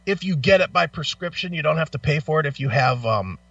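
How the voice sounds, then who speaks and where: A man's voice: on the high side, brisk, gravelly, no echo. A man co-hosting a radio show, telling an angry, profane story in casual chat while in back pain. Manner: animated, swearing storyteller. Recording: distant, dull lo-fi mic.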